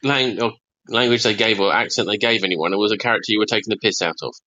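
A man's voice: lowish voice, fast talker, sharp tone, lo-fi sound. A man on a casual podcast, blunt and opinionated. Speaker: podcast co-host.

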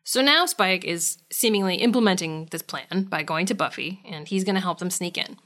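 A woman co-hosting a podcast, recapping episodes in a wry, animated, casual way with some swearing. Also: on the low side, normal speed. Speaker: podcast co-host.

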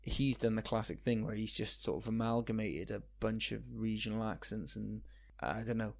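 Man co-host, low gravelly voice, rambling and sweary. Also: steady tone, normal speed. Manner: sweary, rambling, full of fillers. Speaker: podcast co-host. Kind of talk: casual chat.

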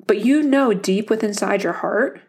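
A woman's voice: medium pitch, normal speed, darkish tone. A woman hosting a casual solo podcast, talking bluntly and motivationally to her listeners, swearing often and laughing easily. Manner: motivational, addresses listeners directly. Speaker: podcast host.

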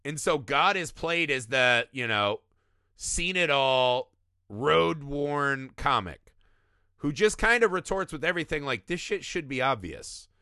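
A man in his thirties talks through a film in a loose, animated way, swearing and slipping into voices for the lines he quotes. His voice is bright, forceful and a bit high. The recording is close and dry. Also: measured pace, clean tone, no echo. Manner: animated, profane, acts out quotes. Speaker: podcast co-host. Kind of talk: casual movie discussion.

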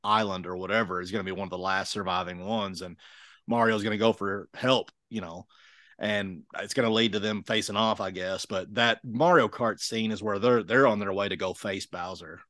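A man's voice: fairly low pitch, moderate pace, dry recording, studio quality. A middle-aged man with a Kentucky Southern accent, co-hosting a casual chat over a video call and acting out quoted voices. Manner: animated storyteller, acts out quoted voices. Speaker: podcast co-host.

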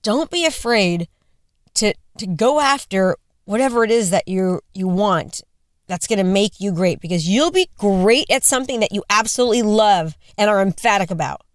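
A woman's voice: medium pitch, expressive, normal speed, no room sound, studio quality. A woman in her forties giving a motivational talk, earnest and conversational, repeating questions for emphasis. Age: 40s. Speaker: motivational speaker.

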